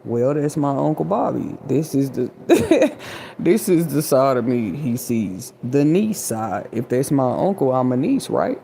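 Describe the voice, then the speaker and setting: A woman hosts an inspirational livestream, chatting casually and a touch preachily right to her chat audience. Her low, mellow voice carries some vocal fry, with slight background noise.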